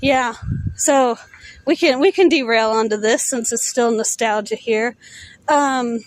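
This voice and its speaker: A woman in her thirties with a notably high voice streams while she walks along a road outdoors. She takes her time, rambling and stopping with lots of fillers as she digs for memories. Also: low-quality recording. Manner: rambling, halting recall with many fillers. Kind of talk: casual chat while walking.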